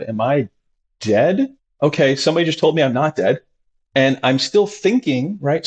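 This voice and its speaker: A man, a doctor talking as a guest, telling stories animatedly and acting out his patients in sudden high voices. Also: a little mellow, breathy edge. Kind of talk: animated conversational storytelling.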